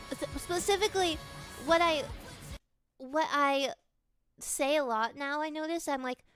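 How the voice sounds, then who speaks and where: A woman's voice: sits high, fairly bright tone. A woman streamer chatting casually with her viewers, rambling and laughing often. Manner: giggly, rambling, playful.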